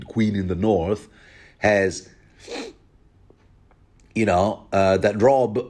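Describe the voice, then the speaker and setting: A man giving a rambling, casual commentary on a book, often sidetracking himself and laughing. His voice is low and he talks at a slow, unhurried pace. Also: darkish tone. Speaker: podcast host.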